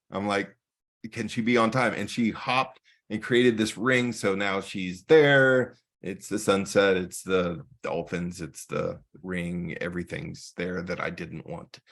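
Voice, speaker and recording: Photographer guest speaker, male, lowish voice, chatty storyteller who acts out quotes. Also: a bit bright. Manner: storytelling with acted-out dialogue. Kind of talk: casual presentation.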